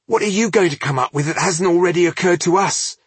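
Man doing a young female magic apprentice, defiant, raised high-pitched voice, husky, dry close audiobook sound. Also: fast talker, no echo.

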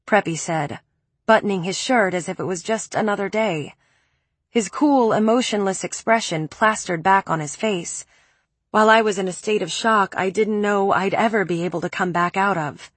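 A woman's voice: mid-range voice, moderate pace, slightly rough, no echo. A woman reading first-person audiobook narration with intense, emotional storytelling.

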